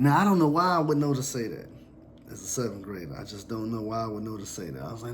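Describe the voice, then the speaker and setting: A man telling a personal story in a somber, reflective, halting way. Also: lowish voice, expressive.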